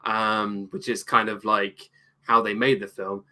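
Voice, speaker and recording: Bright-voiced man co-hosting a movie chat. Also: fairly low pitch, flat delivery, unhurried. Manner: wry, jokes, mimics accents. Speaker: podcast co-host. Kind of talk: casual chat, movie review.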